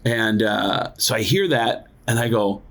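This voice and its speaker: A male comedian and impressionist, a podcast guest, telling a story casually and acting out other people's voices. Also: unhurried. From United States. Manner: animated, acts out voices with big pitch jumps; casual, lots of "like" and "dude". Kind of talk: storytelling in an interview.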